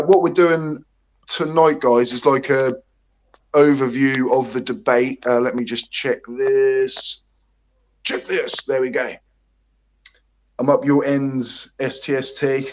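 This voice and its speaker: A man from England hosting a casual livestream, chatting, joking and greeting viewers by name. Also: mid-range voice. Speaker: livestream host.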